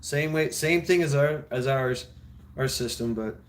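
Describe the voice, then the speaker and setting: Speaking in a mid-range voice at a slightly slow pace, this man hosts a casual talk show. His chat rambles and restarts constantly, with free swearing, frequent laughter and mocking impressions of others.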